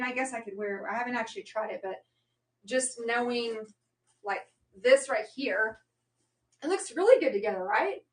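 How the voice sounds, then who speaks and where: A woman hosts a live shopping stream in a loose, rambling way, full of fillers and quick self-corrections. Her voice sits a touch high. She sounds set back from the mic in a roomy space. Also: recorded from a distance. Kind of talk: casual live-stream sales chat.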